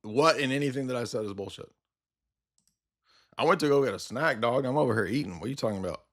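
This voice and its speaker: A male livestream host rants with a combative, sarcastic edge, firing off quick asides and jabs. His voice is bright and forceful, sitting in a middle pitch for a man. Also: animated. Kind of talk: livestream commentary rant.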